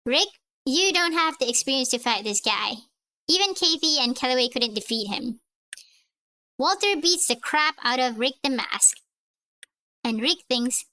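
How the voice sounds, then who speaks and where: A woman's voice: sits high, animated, measured pace, pushed and bright, dry recording. A woman streamer reading a comic aloud on stream, chatting and giggling between panels.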